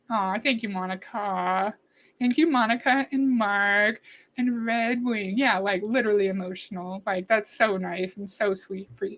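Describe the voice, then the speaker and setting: A chatty woman hosts a casual livestream, reacting to a video and answering her viewers' comments. Her voice sits a little high for a woman. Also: a bit bright.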